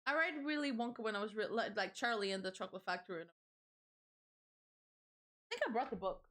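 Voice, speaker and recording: A woman's voice: on the high side, brisk, a bit bright. A young adult woman streamer chatting casually on a livestream, rambling through stories and swearing freely.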